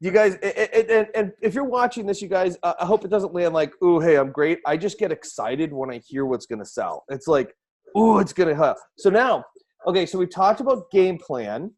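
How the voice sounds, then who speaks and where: Excitable high-voiced male coach. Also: moderate pace. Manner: excitable, fires repeated rhetorical questions. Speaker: host and speaking coach. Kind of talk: energetic live-stream coaching talk.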